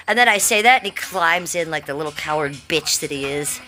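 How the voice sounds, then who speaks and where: A woman on a casual live stream from her home, rambling excitedly to her viewers and swearing freely. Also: sits low, fairly quick, few pauses, faint music behind. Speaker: livestreamer. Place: at home by a window.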